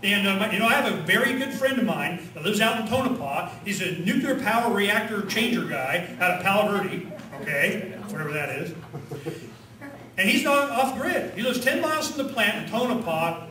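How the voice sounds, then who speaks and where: Animated man at a rally. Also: sits high, normal speed. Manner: animated, rhetorical questions, chanting. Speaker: conference speaker. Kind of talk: rally speech. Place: conference hall with audience. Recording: echoey hall, distant mic, crowd.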